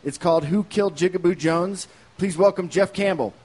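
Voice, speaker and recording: A man hosting a live storytelling show, relaxed and introducing the next act with a few "uh"s. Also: high-pitched, fairly quick, slightly rough. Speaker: host.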